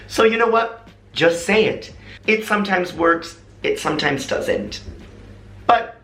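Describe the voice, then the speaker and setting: Animated American man vlogging. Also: high-pitched, slow pace. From United States. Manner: animated, dramatic storytelling that switches into imitated voices. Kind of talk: casual talk to camera. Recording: echoey room.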